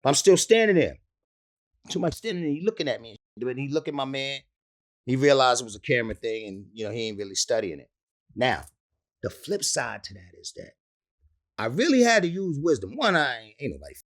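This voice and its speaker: A rapper from the Bronx, New York, tells animated stories in an interview, swearing and laughing often. His voice is mid-range and a bit bright.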